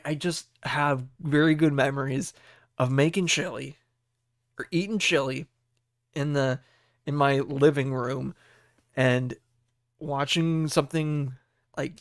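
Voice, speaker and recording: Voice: medium pitch, dry recording. Dry, rambling young podcast host. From United States. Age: 20s. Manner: meandering, reminiscing, many fillers. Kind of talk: casual solo chat.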